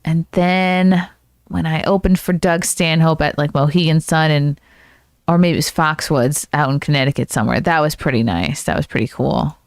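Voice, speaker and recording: A woman hosting a casual comedy podcast chat, bubbly and jokey with quick interjections. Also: sits low, no echo, clean studio sound. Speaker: podcast host.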